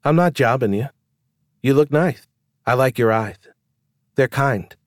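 A man's voice: medium pitch, unhurried, dry recording, studio quality, pitched above the performer's own voice, lightly acted. Man putting on a lisping toothless tavern woman. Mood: earnest. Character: toothless lisping young female prostitute, gentle.

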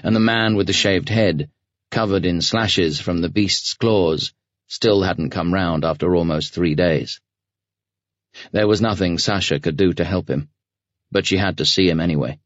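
Deep-voiced male audiobook narrator. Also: dry recording. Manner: even, measured reading. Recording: dull dry studio recording.

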